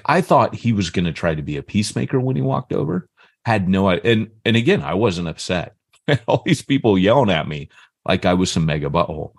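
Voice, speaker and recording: A man's voice: low voice, dry recording, clean studio sound. A man in his fifties, a podcast co-host, casually telling a story and acting out the people in it. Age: 50s. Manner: animated, acts out the voices in his story.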